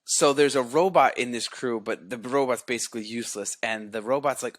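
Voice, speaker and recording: A man's voice: medium pitch, brisk, dry recording, clean studio sound. A man co-hosting a podcast, casually retelling scenes from a show and acting out the lines. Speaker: podcast co-host. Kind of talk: casual movie recap chat.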